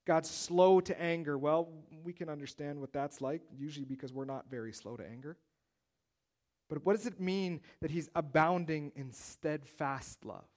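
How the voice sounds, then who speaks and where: A male pastor giving a sermon in a conversational way, reading scripture aloud with emphasis and swinging from loud phrases to hushed ones. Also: a little high, normal speed. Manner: conversational preaching with restarts and wide swings in loudness.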